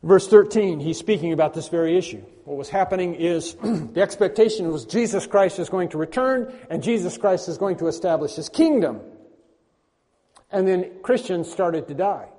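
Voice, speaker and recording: A male pastor preaching an earnest sermon, dropping to soft, tender passages and rising to loud, emphatic peaks. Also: sits high, expressive, normal speed, in a large hall.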